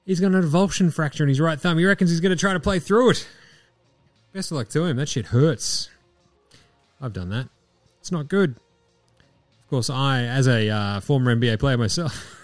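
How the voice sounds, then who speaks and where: A man's voice: on the high side, no room sound. An Australian man hosting a podcast, talking in a laid-back, jokey way with plenty of swearing. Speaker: podcast host. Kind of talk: casual chat.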